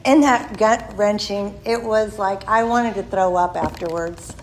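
A woman's voice: medium pitch, measured pace, slight background noise, rough recording. A woman in her sixties giving a candid, self-deprecating personal testimony at a recovery meeting. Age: 60s. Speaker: member sharing at a recovery meeting.

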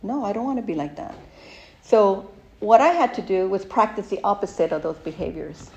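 A woman's voice: medium pitch, lively intonation, moderate pace, dark tone, lo-fi sound. A middle-aged woman giving a candid, rambling personal recovery share, with many fillers and asides.

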